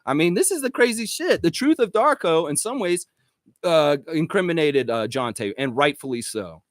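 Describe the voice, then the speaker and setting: Speaking at normal speed in a fairly high voice, a man hosts a casual live-stream rant full of swearing. He's excitable and reads viewer comments out loud, and the clean studio audio has no room sound.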